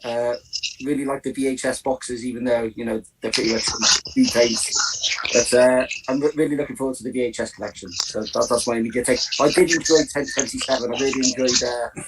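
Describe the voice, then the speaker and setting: A man chatting casually as a guest on a live stream, relaxed and easygoing. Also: medium pitch, a little fast. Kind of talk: casual chat. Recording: distant, slightly noisy call audio.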